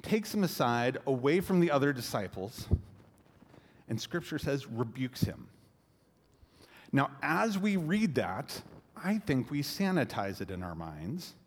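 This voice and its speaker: A man preaching a sermon in an animated way, acting out quotes and swelling to loud climaxes. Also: mid-range voice, a little slow. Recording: echoey hall reverb.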